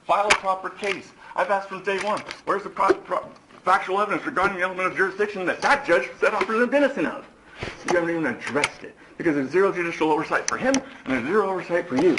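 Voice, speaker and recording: Hoarse defendant in his forties, heated and accusatory, with a high-pitched voice and faint background hiss. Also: fast. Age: 40s. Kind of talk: courtroom address. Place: courtroom. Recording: echoey courtroom recording.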